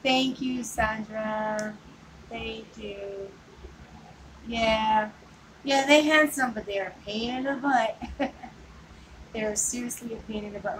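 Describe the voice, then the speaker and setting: A woman's voice: on the high side, a bit bright. A woman chatting casually with viewers on a vlog, rambling, laughing often and filling her talk with "like" and "you know". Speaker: vlogger. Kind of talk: casual live chat with viewers. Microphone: phone. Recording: distant mic with noticeable background noise.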